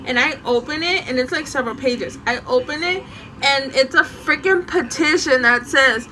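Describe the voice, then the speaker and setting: A young woman casually telling a story from her school days, animated and often laughing. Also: high-pitched, moderate pace, noisy background.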